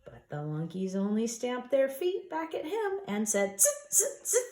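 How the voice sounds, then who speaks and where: A woman reading a picture book aloud to preschool children, drawing out the words and inviting them to join in. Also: a little high. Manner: expressive, drawn-out, asks listeners to join in. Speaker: storyteller for a preschool. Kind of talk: children's story read-aloud. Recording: echoey room.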